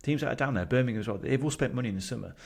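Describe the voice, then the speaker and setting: A man's voice: medium pitch, rapid-fire, gravelly, a little mellow, husky. A man co-hosting a football podcast, arguing emphatically with a jokey edge. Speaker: podcast co-host. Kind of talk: casual football chat.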